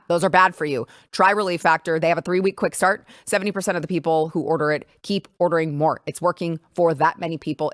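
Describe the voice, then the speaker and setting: A woman's voice: on the low side, fairly bright tone, no echo, clean studio sound. A woman hosting a political talk show, talking casually with emphatic, sarcastic remarks. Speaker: host.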